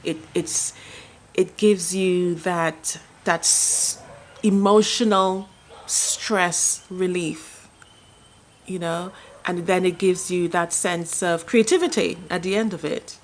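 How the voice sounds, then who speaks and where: A middle-aged woman sharing a personal story in a vlog, speaking softly and haltingly, with many restarts. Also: fairly low pitch, fairly even intonation, a little hiss or hum. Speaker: quilting vlogger. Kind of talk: personal vlog talk to camera.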